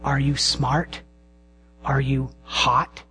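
A middle-aged man preaching a sermon and leading a prayer, speaking slowly and intimately and dropping to hushed whispers. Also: medium pitch, flat delivery, slight background noise. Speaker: pastor.

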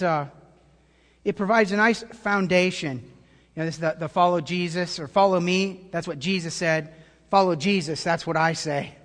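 A pastor with a high-pitched voice delivers an animated sermon. He drops to hushed tones and then rises to near-shouts. His voice rings with long reverb in a large hall.

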